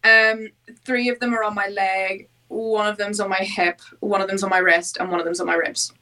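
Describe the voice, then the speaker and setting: A woman's voice: mid-range voice, little pitch movement, normal speed, sharp tone. A woman with a Northern Irish accent, a giggly and understated guest in casual chat. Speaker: podcast guest.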